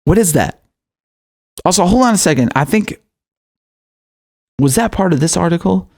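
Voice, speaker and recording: A man's voice: high-pitched, animated, moderate pace, vocal fry, darkish tone. A young man hosting political commentary, indignant and profane, often laughing.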